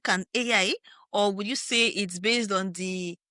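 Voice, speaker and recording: A woman hosting a podcast, asking measured, thoughtful interview questions. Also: mid-range voice, sharp tone, no echo, studio quality. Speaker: podcast host.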